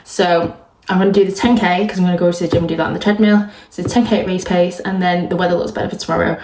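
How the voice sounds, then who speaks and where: A woman's voice: lowish voice, fairly even intonation, quick pace, a little mellow, slight background noise. A woman with a stuffy, congested voice from a cold, chatting casually at home in a rambling vlog. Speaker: triathlete vlogger. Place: at home indoors. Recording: roomy echo.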